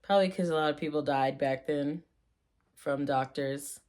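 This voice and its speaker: A woman vlogging casually about slang, playful and rambling, with jokey asides and quick tangents. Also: sits low, a little mellow. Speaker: vlogger explaining old slang. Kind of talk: casual chat.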